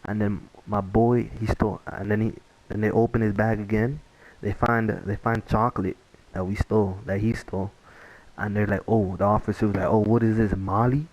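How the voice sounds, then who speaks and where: A man's voice: fairly low pitch, little pitch movement, moderate pace, a little mellow, lo-fi sound. A young man telling a casual story-time tale, rambling with many fillers and restarts. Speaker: vlogger.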